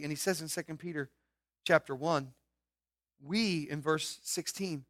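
A man preaching a sermon, asking his listeners questions and swinging from loud outbursts to hushed asides. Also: a little high, dry recording, studio quality. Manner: asks the congregation questions. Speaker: pastor.

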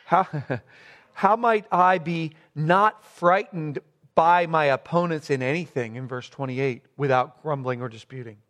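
A man's voice: a little high, measured pace, a bit bright. A man preaching a sermon, earnestly stressing key words and posing rhetorical questions.

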